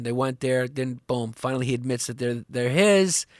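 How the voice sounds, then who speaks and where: A man hosting a comedy history podcast, rambling and profane, swinging up and down in pitch as he talks. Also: moderate pace, a bit bright, dry recording, clean studio sound. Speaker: podcast host.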